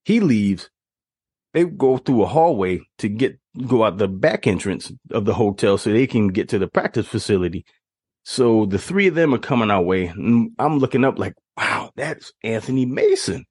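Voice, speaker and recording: A man telling stories on his podcast with a husky, breathy grain. His pitch swings widely as he slips into the people he describes. The recording is dry, with no room around it. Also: moderate pace, no room sound. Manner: animated, laughs through the telling. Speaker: podcast host. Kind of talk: casual storytelling.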